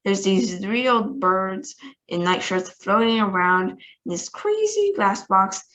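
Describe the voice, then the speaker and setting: A woman's voice: medium pitch, expressive, slow pace, fairly bright tone, dull audio. A woman reading aloud, voicing a brash, cheeky male astronaut. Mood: reporting. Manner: brash, sassy.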